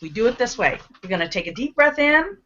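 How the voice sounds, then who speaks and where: A cheerful woman leads a live laughter yoga session on a video call, her slightly high, bright voice coaching, cheering and breaking into laughs. She talks slowly and encouragingly. The sound is dull and lo-fi, like a streamed call. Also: big pitch swings, slight background noise. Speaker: host leading laughter yoga. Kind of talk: live online group session.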